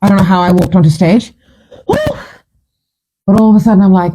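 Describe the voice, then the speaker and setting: A woman's voice: medium pitch, a little fast, pauses often, breathy edge, low-quality recording. A middle-aged woman, a singer telling stories from her past in a casual monologue, laughing often and acting out what people said. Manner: animated, laughs often, acts out quoted voices. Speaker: singer and storyteller.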